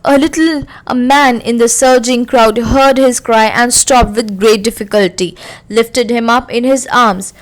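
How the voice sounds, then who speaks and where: A woman teacher reading a story aloud slowly and carefully, then explaining it to her class. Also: on the high side, steady tone.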